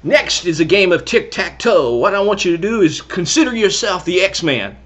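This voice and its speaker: A middle-aged man leading a children's church service, cheering the kids on and then telling a Bible story gently. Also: high voice, lively intonation, normal speed. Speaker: children's pastor. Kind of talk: lively children's church talk.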